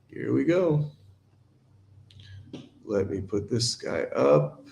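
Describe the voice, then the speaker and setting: A man's voice: medium pitch, expressive, takes it slowly, gravelly, darkish tone, a little hiss or hum. A man giving a casual online talk for a recovery group, earnest and informal, calling his listeners "guys" and "man". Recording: echoey room.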